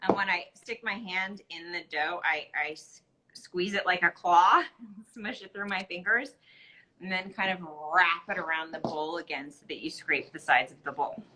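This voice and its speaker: A woman's voice: fairly low pitch, normal speed, pushed and bright, slight background noise, poor audio. A tired woman explaining step by step how she bakes, chatting casually on a live stream. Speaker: baker showing a recipe.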